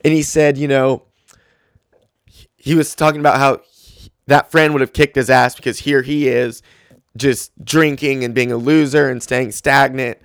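A man's voice: medium pitch, fairly even intonation, normal speed, long pauses, no echo. A man hosting a solo podcast, ranting and rambling candidly into a close mic. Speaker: podcast host. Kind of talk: casual solo podcast rant.

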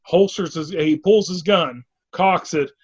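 Animated storyteller man, dull dry sound. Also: a little high, a little slow, breathy edge, no room sound. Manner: animated, acts out quotes with exclamations. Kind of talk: casual storytelling chat.

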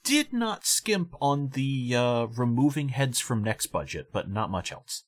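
Lively, joking podcast co-host. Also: medium pitch, measured pace. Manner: wry jokes and playful quips. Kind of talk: casual movie recap chat.

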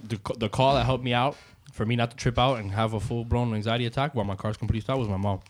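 A man with a Miami accent, telling stories in a casual podcast chat, animated and profane, mixing in Spanish. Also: medium pitch, very fast. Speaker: podcast co-host.

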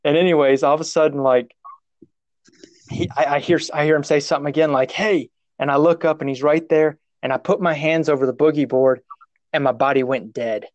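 A man with a slightly high voice tells a story in loose conversation. He rambles, restarts his sentences and laughs at his own embarrassment. The sound is dry and close. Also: steady tone, a little fast, no room sound, highs cut off. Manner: rambling, self-mocking, restarts often, laughs at himself. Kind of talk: casual storytelling.

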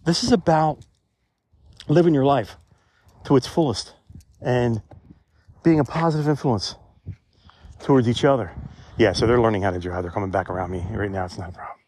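A man's voice: mid-range voice, normal speed, pauses often, darkish tone, a little hiss or hum. A man talking to his phone as he walks outdoors, musing in a rambling, conversational way in a reflective vlog. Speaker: vlogger. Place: outdoors in a cemetery. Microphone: phone held while walking.

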